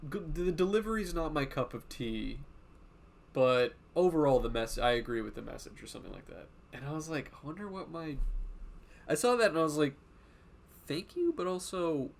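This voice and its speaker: A man's voice: a little high, fairly quick, vocal fry. Rambling, profane male art streamer. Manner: rambling and profane, jumping between tangents; animated, often slipping into quoted voices. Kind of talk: casual livestream chat while drawing.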